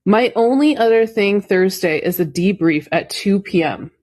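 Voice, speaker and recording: A woman's voice: medium pitch, animated, normal speed, darkish tone. A woman reading documents aloud as she comments, incredulous and mocking, with profanity.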